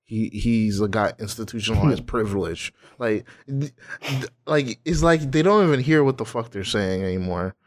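Animated, profane man in casual chat. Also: fairly low pitch, moderate pace. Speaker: podcast co-host.

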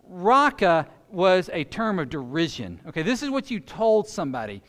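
Pastor, male, higher voice, animated sermon delivery, long hall reverb. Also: normal speed. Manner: animated preaching that swings between loud emphasis and quiet intensity.

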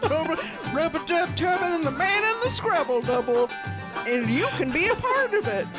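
A woman's voice: very high voice, sing-song, moderate pace, pitched above the performer's own voice. A woman voicing a rowdy country barn-show barker with a Southern drawl, with music behind. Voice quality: folksy and rowdy, drawling, yeehaw hollers.

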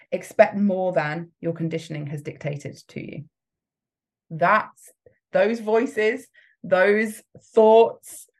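A woman coach giving a motivational talk, emphatic and frequently laughing as she acts out the voices in people's heads. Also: mid-range voice. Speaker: business coach.

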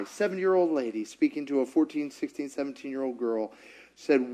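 A man preaching a sermon, dramatic and expressive, dropping into whispers and rising to shouts as he acts out the scenes. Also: a little high, brisk. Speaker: pastor.

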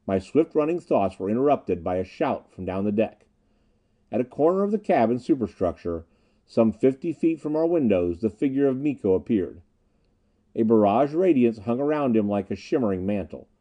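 A man narrating an adventure story in the first person, reading in an expressive, lively way. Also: medium pitch, muffled recording. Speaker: audiobook narrator.

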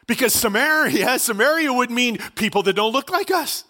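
High, bright preacher. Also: male voice, moderate pace. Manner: earnest, conversational, animated asides. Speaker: pastor. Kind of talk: sermon.

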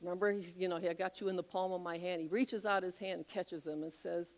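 A woman preaching a sermon, telling a Bible story with animated, acted-out voices. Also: fairly low pitch, fast, few pauses. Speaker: pastor.

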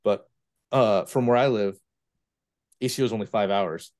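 This fairly low-pitched man from the US East Coast hosts a tabletop gaming podcast and speaks at a moderate pace. In casual chat he tells rambling, animated stories packed with fillers and restarts.

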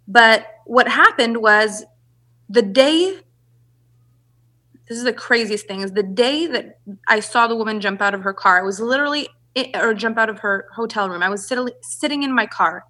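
A woman's voice: on the high side, normal speed, sharp tone. A woman, a relationship and business coach, telling her story as a podcast guest and acting out the voices of people she quotes.

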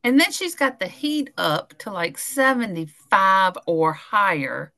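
A woman's voice: medium pitch, sing-song, slow, sharp tone, dry recording. A woman co-hosting a casual podcast over a video call, blunt and profane, laughing often. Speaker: podcast co-host. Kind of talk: casual chat. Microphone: headphones on a video call.

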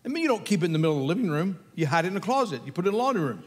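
An older man preaches a sermon in a relaxed, storytelling manner, chuckling as he goes. His voice sits high for a man. A long reverb trails behind him, as in a big hall. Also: very fast. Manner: conversational, folksy, animated storytelling with chuckles. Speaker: pastor.

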